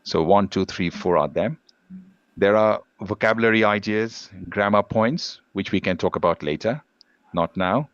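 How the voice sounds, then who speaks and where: A male teacher explains speaking techniques in a steady, instructive way, stressing single words when he demonstrates. His voice sits low, and the recording is dry and slightly dull. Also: normal speed, dry recording. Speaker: English language teacher, guest speaker. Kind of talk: live workshop lesson on speaking skills.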